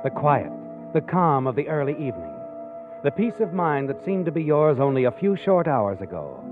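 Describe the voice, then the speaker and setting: A man's voice: fairly high pitch, sing-song, normal speed. Man narrating in ominous second person. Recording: lo-fi old radio recording with music.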